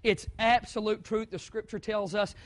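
A man from the American South preaching a sermon, moving from quiet, conversational talk up to loud, shouted preaching. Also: high-pitched, flat delivery, normal speed.

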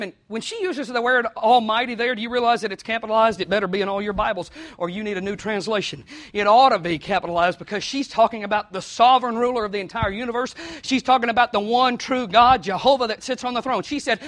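A man delivers a sermon in a very high, bright voice. He works like a storyteller, dropping low and quiet, then rising into shouted lines. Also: quick pace. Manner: storytelling preacher, swinging between hushed and shouting. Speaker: pastor.

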